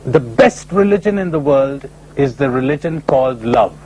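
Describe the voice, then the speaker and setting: A man's voice: moderate pace, a little hiss or hum, low-quality recording. A man giving a spiritual lecture, telling stories and jumping into characters' voices. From India. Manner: animated storyteller, voices characters with sudden high pitch jumps.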